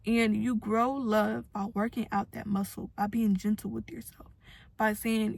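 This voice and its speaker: A woman's voice: mid-range voice, level tone, unhurried, vocal fry, darkish tone. A young woman giving a casual, earnest motivational talk to her followers, acting out the voices of people she quotes. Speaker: self-help vlogger.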